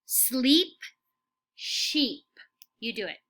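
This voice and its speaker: A woman teacher leading a phonics lesson for young children, slow and encouraging, saying words for the class to repeat. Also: a little high, big pitch swings, fairly bright tone.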